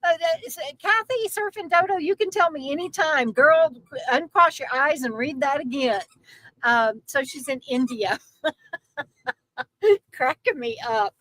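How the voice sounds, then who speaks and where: A woman's voice: sits high, expressive, unhurried, no echo, low-quality recording. A middle-aged woman, chatting casually and giggling as she reads viewer comments on a livestream. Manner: chatty, giggly, talks to her dog in a soft baby voice. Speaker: vlogger hosting a livestream. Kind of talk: casual live chat reading viewer comments.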